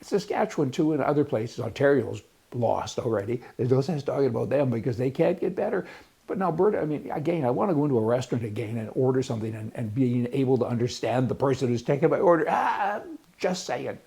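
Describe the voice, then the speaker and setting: Gravelly older man. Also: mid-range voice, animated, fast, dark tone. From Canada. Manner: folksy, rambling, opinionated. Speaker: host. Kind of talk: rambling political commentary.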